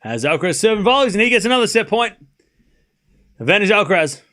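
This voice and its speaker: High, lively streamer calling tennis. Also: male voice, fast. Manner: chatty, incredulous, laughs often, addresses chat. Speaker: streamer commentating a tennis watchalong. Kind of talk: casual live-stream commentary.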